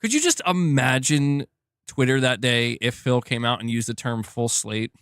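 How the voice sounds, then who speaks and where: A man chatting casually on a live stream about gaming news, animated and slangy, laughing often and restarting his sentences. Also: medium pitch, moderate pace, smooth, dry recording, studio quality.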